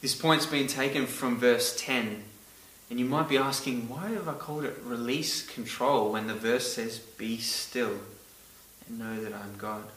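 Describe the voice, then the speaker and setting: Male preacher, bright and emphatic, picked up from a distance in an echoey hall. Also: mid-range voice, fairly even intonation, measured pace. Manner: earnest, emphatic on key words. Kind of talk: sermon.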